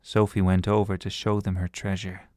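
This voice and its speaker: A man reads a children's storybook aloud in a calm, gentle way. His voice is low, and the sound is dry and close with no room around it. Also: moderate pace, dry recording. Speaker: narrator.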